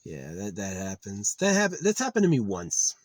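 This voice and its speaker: A man with a very low voice rambles through a loose, swearing monologue, circling back on himself with lots of "like" and "uh". The sound is dry and close, with no room around it. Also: wildly swooping pitch, moderate pace, no echo. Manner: meandering, profane, frequent fillers and restarts. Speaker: vlogger.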